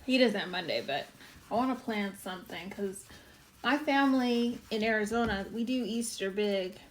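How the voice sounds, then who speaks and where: A woman's voice: mid-range voice, expressive, moderate pace, a little hiss or hum. A woman hosting a casual live-stream show, chatting and greeting viewers by name. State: out of breath. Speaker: waxing show host.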